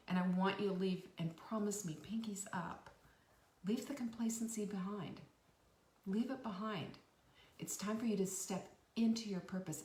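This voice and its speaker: A woman's voice: medium pitch, moderate pace. A middle-aged woman hosting an earnest, encouraging faith talk, asking listeners direct questions. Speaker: host. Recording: roomy and distant from the mic.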